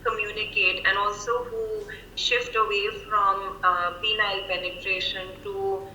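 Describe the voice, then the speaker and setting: A woman clinical psychologist speaking over a video call, thoughtful and measured, with frequent fillers. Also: medium pitch, flat delivery, bright, forceful tone, echoey room, a little hiss or hum, poor audio. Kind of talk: professional video-call interview.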